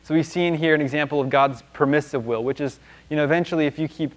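A man's voice: on the high side, fairly even intonation, quick pace. A man teaching a Bible lesson in a loose, conversational way, with many restarts and fillers.

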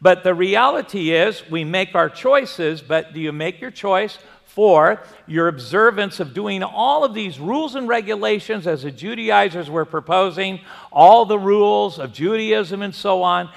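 A man's voice: sits high, expressive, unhurried, vocal fry, long reverb tail. A man preaching a sermon, telling a folksy story and asking the congregation questions. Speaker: pastor.

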